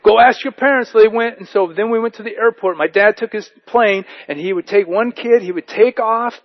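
A male pastor preaching, his voice sitting a bit above the usual male range. He moves between slow scripture readings and lively storytelling. The recording sounds muffled and lo-fi. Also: high-pitched. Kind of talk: sermon.

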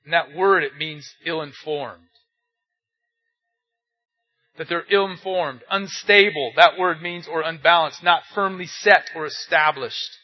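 A man's voice: a little high, moderate pace, few pauses. An older man preaching as a pastor in a conversational way, asking rhetorical questions and telling anecdotes. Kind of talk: conversational sermon. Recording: dull lo-fi recording.

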